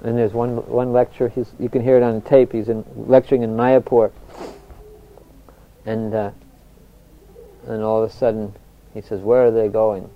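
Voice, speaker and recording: A soft-spoken older man, a spiritual teacher telling anecdotes in a reflective talk, often restarting his sentences. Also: medium pitch, flat delivery, moderate pace, pauses often. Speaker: spiritual teacher answering questions. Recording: dull lo-fi recording.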